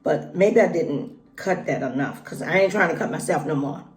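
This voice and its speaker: Folksy woman chatting while eating. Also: sits low. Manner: chatty, folksy, talks between bites with pauses. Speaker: vlogger. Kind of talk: casual mukbang vlog, talking while eating. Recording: echoey room.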